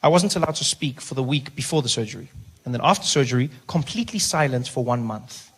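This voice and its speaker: A middle-aged man from South Africa performing a stand-up routine, telling a story in an animated way, acting out other voices and dropping to a soft hush for jokes. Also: medium pitch, fast talker, breathy edge. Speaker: stand-up comedian. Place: stage.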